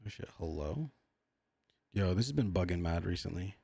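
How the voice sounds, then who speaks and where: A man giving excitable, slangy, profane livestream reaction commentary. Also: low voice, moderate pace, gravelly, slightly rough, no room sound. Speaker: streamer.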